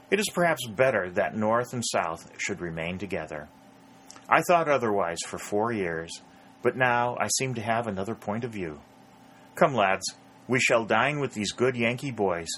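A man's voice: on the low side, a bit bright, slight background noise. A man reading the lines of a courtly older Southern colonel in a storybook, speaking with formal, gracious phrasing.

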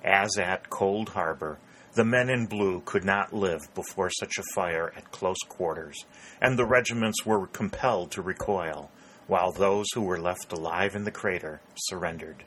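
A man narrating a novel in a steady, measured reading. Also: sits low, a little hiss or hum. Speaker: audiobook narrator. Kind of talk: scripted narration.

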